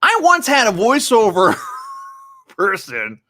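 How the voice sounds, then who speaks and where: A male radio host, talking live from a studio, rambles and jokes in a loose, casual flow. His voice is bright and forceful and sits a little high, and it swings widely in pitch. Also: slow pace. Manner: animated, joking, rambling. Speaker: radio morning show host.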